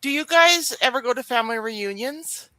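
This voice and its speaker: A woman's voice: on the high side, lively intonation, moderate pace, bright, forceful tone, no room sound. A woman co-hosting a podcast in casual chat, outspoken and restarting her sentences often. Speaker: podcast co-host.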